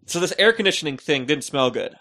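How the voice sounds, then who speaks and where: A man co-hosting a podcast, telling rambling stories with jokey, deadpan asides in casual chat. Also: fairly high pitch, quick pace. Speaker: podcast co-host.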